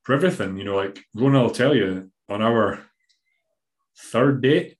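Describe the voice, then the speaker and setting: A man's voice: medium pitch, normal speed, echoey room. A Scottish man, a bodybuilding coach, talking in a rambling, emphatic way in a casual podcast interview, now and then swearing. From Scotland.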